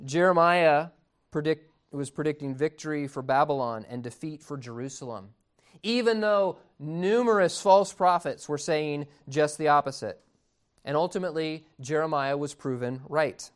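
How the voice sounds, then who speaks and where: A man's voice: fairly high pitch, normal speed, clean tone. A man preaching a sermon in a conversational, amused storytelling manner.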